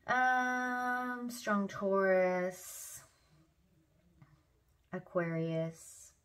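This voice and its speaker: A woman giving a casual tarot reading, chatty and hoarse as she loses her voice, thinking aloud with fillers and restarts. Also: medium pitch, very slow, fairly bright tone. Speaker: tarot reader.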